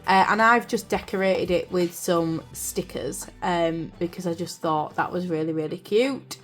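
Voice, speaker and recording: A young British woman chatting casually as she films a vlog about her journal, rambling with fillers and quick apologies, recorded on a camera on a desk stand. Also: fairly low pitch, faint music behind. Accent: British English. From United Kingdom. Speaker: journaling vlogger. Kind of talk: casual chat. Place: craft room indoors.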